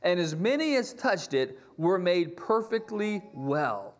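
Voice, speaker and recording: A middle-aged male pastor delivers a sermon in a high, lively voice that rises and falls freely. He tells his stories with animation and acts out each quoted line in a shifting voice. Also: slow pace.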